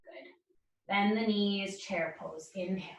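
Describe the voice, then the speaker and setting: A woman leading a yoga class, calling out poses and breaths in calm, encouraging cues. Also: mid-range voice, measured pace, far from the mic. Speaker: yoga instructor. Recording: roomy echo, speaker away from mic.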